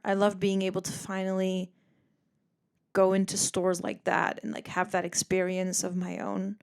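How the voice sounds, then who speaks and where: Woman in her twenties, from the netherlands, podcast host, casual chat, animated, swears freely. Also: medium pitch. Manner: chatty and animated, swears freely, acts out quoted voices.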